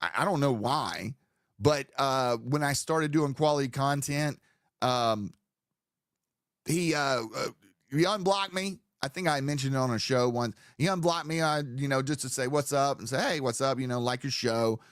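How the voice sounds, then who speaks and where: Male stream host, loose profane rambling talk, mid pitch, dry close sound. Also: moderate pace, fairly bright tone, dry recording. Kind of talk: live stream commentary.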